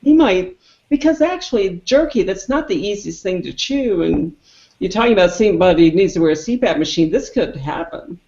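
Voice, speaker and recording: Lively movie-review co-host, mid-pitched, retells scenes; roomy, muffled lo-fi recording. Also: a little fast. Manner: animated storyteller who acts out the characters' lines. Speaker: film review show co-host. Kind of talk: casual film review chat. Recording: roomy, dull lo-fi sound.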